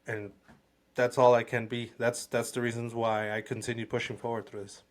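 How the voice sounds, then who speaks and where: A man's voice: mid-range voice, flat delivery, moderate pace. A man co-hosting a podcast, speaking in an earnest, reflective way, often restarting his phrases. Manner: earnest, reflective, repeats himself. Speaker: podcast co-host. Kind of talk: casual podcast chat.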